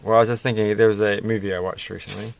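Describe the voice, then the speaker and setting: A man's voice: fairly low pitch, flat delivery, fast talker, gravelly, a little hiss or hum. A man chatting casually while building a Lego set, rambling and musing with a self-deprecating manner.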